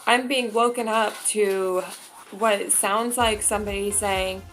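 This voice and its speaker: A woman's voice: medium pitch, steady tone, slow pace, over music. A young woman vlogger telling a story casually in a chatty way, with lots of filler words.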